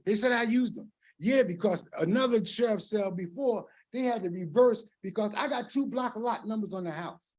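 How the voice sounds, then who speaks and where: A middle-aged man takes the podium mic at a council meeting's public comment period, his voice pitched high and slightly rough. He rambles with passion, swinging from hushed to loud.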